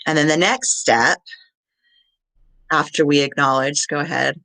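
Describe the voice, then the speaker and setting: A woman with a bright, clear voice walks trainees through her method in an earnest, patient way. She talks casually and pauses often with small fillers. The sound is dry and close, with no room around it. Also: deep voice, no room sound. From Southern Nevada. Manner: earnest, explains step by step with many ums. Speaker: crisis support trainer. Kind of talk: live-streamed training presentation.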